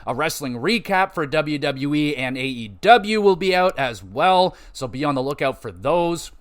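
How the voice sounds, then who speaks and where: Young guy hosting a solo podcast, kinda high voice, swears a lot, gets hyped. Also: normal speed. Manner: profane, loose and excitable. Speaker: podcast host. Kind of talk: casual solo podcast talk.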